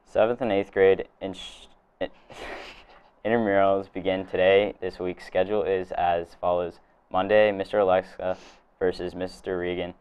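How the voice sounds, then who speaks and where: A teenage boy reads the school's daily announcements in a deep, even voice. He keeps a steady, level delivery and stumbles now and then on a word. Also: moderate pace, clear, resonant tone, dull audio. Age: teens. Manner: reads steadily, trips over a few words. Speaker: student announcer.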